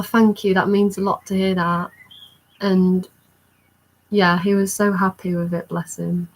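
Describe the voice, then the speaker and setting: A young woman telling an excited storytime vlog in a rambling, chatty way. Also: mid-range voice, rough recording. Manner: excited, rambling recounting with many fillers. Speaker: vlogger.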